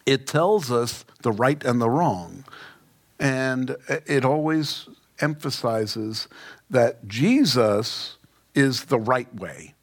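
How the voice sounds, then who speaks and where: A man's voice: medium pitch, lively intonation, slow. A man preaching a casual Bible-study sermon, informal and emphatic, with joking asides. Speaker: pastor. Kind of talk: conversational Bible teaching sermon.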